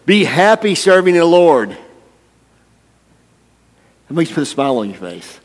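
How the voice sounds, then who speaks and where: A man's voice: on the high side, very animated, measured pace. A man preaching a folksy, playful sermon, calling out to people in the congregation by name. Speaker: pastor. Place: church. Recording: long reverb of a church hall.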